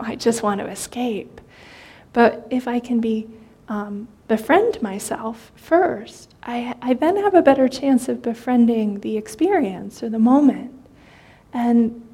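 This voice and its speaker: A woman meditation teacher speaks in a fairly high, mellow voice with a soft, breathy edge. She gives a dharma talk in a gentle, conversational way, often pausing on fillers and restarting her sentences.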